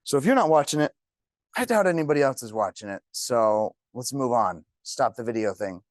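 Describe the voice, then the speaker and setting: A man's voice: mid-range voice, lively intonation, brisk, no room sound, studio quality. A man teaching a real estate class, telling joking stories to the room. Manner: jokey, storytelling. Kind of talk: classroom talk.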